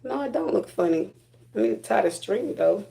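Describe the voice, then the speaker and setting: A woman's voice: medium pitch, animated, fairly quick, gravelly, mellow, echoey room, rough recording. A woman chatting casually and bluntly while getting ready, giving spiritual readings, repeating her phrases for emphasis. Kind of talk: casual get-ready-with-me chat.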